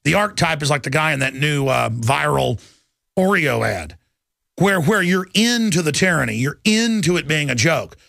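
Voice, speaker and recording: A man's voice: a little high, expressive, moderate pace, vocal fry, sharp tone, no room sound. A man hosting a talk radio show, delivering an intense, combative monologue on a close studio microphone. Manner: intense and combative, mocking impressions of others.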